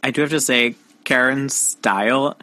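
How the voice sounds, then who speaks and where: A young man with a bright, forceful voice recaps plot points in loose conversation. He tosses in dry quips and lively asides. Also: medium pitch, measured pace, no room sound. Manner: animated retelling, dry quips. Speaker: podcast co-host. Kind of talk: casual book-club chat.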